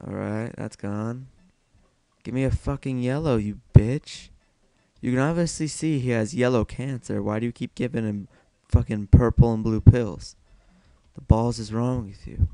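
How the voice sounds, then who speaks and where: A man's voice: medium pitch, fairly even intonation, moderate pace, warm tone, no echo. A young man giving casual solo gameplay commentary, self-mocking and swearing a lot as he mutters to himself.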